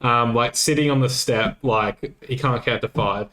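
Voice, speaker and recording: A man co-hosting a podcast, retelling a night out in a loose, swearing, animated way with quoted dialogue. His voice sits at an ordinary middle pitch. The room around him rings with a noticeable echo. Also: moderate pace. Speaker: podcast co-host. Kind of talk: casual storytelling chat. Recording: roomy echo.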